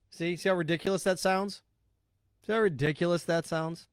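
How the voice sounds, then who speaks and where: A man hosts a sports talk podcast, delivering an opinionated solo rant that is blunt and sarcastic, repeating his points and mocking others. His voice sits high and expressive, a little fast. The studio-quality sound has no echo.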